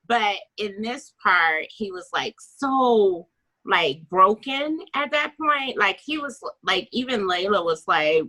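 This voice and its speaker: A woman co-hosting a casual book club chat, animated and chatty, with quick asides and the odd swear. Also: mid-range voice, poor audio.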